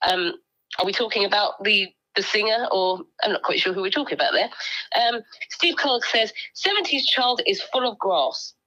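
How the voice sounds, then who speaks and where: A woman's voice: mid-range voice, expressive, moderate pace, sharp tone, lo-fi sound. A woman co-hosting a casual livestream, reading out viewer comments in a playful, giggly way with lots of ums.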